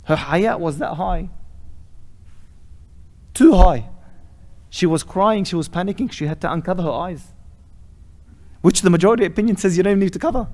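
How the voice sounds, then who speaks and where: A man preaching a weekly lesson with rising fervor. His voice sits a touch on the high side, and he drives his points home with repeated rhetorical questions and recited Arabic phrases. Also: fast, darkish tone. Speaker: sheikh giving a weekly lesson. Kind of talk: impassioned sermon.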